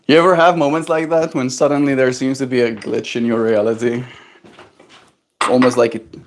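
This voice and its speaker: A man's voice: mid-range voice, level tone, normal speed, long pauses, noisy background. A man livestreaming casually, rambling and musing aloud. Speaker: daily livestreamer. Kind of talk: casual stream chat.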